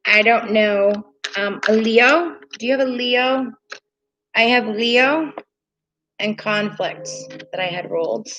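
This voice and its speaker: A woman's voice: a little high, slow, background noise. A woman reading tarot cards on a live stream, bubbly and gushing as she talks to her viewers. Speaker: tarot reader. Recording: clear music bed behind voice. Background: soft meditation music.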